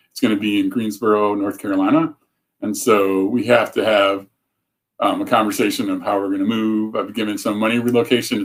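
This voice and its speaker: A man hosting a casual livestream talk, chatty and rambling, often breaking off mid-thought to read comments. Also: on the low side. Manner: rambling, self-interrupting, chatty. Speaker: show host.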